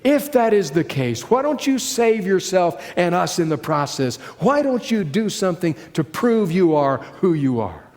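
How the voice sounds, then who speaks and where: A scornful condemned man on a cross, spitting out taunting questions in a raised, higher voice, as a preacher acts him out. His bitter jeering rings through a long, echoing hall. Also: very animated, moderate pace, few pauses, a little mellow. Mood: mocking. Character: bitter mocking crucified male criminal.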